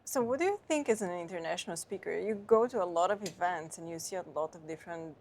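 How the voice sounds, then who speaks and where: A woman's voice: fairly low pitch, fast, a little mellow, slight background noise. A woman hosting a podcast interview, asking short questions and laughing easily. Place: live event booth.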